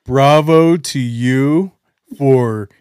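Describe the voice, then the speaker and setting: A male interviewer asks questions and cheers his guest on with short affirmations. His voice is smooth and resonant at a middle pitch. The sound is dry, with no room around it. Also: extremely slow, a little mellow, dry recording. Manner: encouraging, reacts with short affirmations. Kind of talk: conversational interview.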